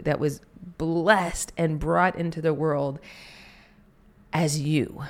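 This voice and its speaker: A woman hosting a podcast, giving an earnest, encouraging motivational talk and now and then acting out little quoted scenes. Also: deep voice. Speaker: podcast host and coach. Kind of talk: motivational monologue.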